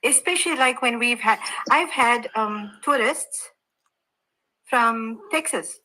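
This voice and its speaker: Brief: south african woman, higher voice, bright and forceful, lively anecdotes. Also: takes it slowly, a little hiss or hum, rough recording. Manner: animated anecdote teller. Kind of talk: casual live-stream chat.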